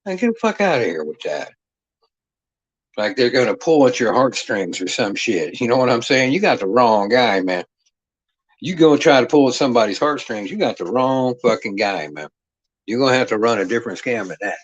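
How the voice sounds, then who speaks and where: A man's voice: mid-range voice, lively intonation, moderate pace, highs cut off. Profane, rambling male livestream host. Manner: profane, rambling, streetwise banter. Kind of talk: casual livestream storytelling.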